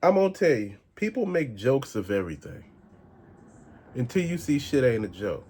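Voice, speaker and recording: A man's voice: mid-range voice, sing-song, normal speed, mellow, breathy edge. A man hosting a rambling conspiracy-theory rant, talking in an emphatic, slangy way. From American South. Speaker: channel host.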